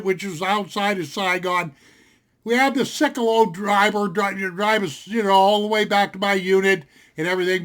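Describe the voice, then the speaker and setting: Folksy older man, very high-pitched speaking voice, rambling anecdote told straight to camera. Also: a bit bright. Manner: folksy and rambling, with many fillers. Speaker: storyteller. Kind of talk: casual storytelling to camera. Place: home desktop setup.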